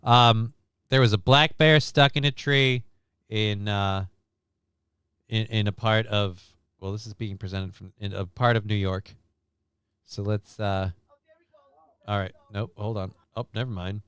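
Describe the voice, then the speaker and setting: A man's voice: lowish voice, steady tone, measured pace, long pauses, a bit bright, clear, resonant tone, no echo. A man co-hosting a casual stream, joking crudely and swearing often, with a voice that tends to crack. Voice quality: voice prone to cracking. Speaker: stream co-host. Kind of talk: casual chat.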